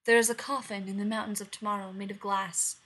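A desperate young queen, voiced by a woman reading a story aloud, pleading and urgent. The voice is bright and a little husky, pushed slightly louder than the narration. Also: mid-range voice, flat delivery, fast, natural voice.

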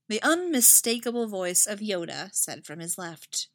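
A woman narrating a fan fiction story aloud with expressive delivery. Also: mid-range voice, unhurried, hardly any pauses, no echo, clean studio sound.

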